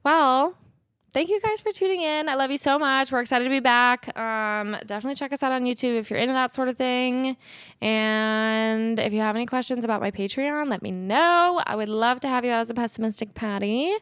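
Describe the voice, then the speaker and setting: A woman in her twenties co-hosting a podcast, chatting casually and upbeat with quick asides. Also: a little high, fairly bright tone, smooth, no room sound. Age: 20s. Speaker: podcast co-host.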